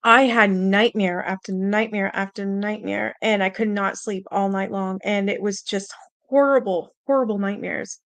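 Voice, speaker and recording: A woman's voice: medium pitch, fairly even intonation, moderate pace, no echo. A young adult woman hosting a stream, telling a personal ghost story in a rambling, casual way with lots of fillers, mild swearing, and an earnest, spooked tone. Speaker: host.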